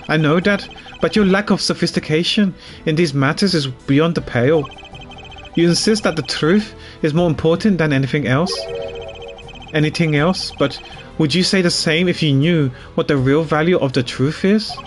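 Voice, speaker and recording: A man's voice: a little high, normal speed, soft background music, close to an everyday voice. A man playing a smug, gloating villain chairman. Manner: condescending, taunting.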